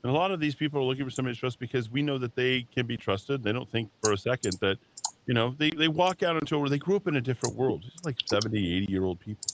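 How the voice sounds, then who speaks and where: A man's voice: mid-range voice, very fast, slight background noise. A man hosting a talk radio show, delivering a heated, combative monologue in a radio studio. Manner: combative, heated, mocks callers with put-on voices.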